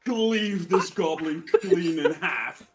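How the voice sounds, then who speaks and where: A man's voice: fairly high pitch, slow pace, a crowd in the background. A man acting as game master, narrating a tabletop game in a wry, crude way with laughing asides.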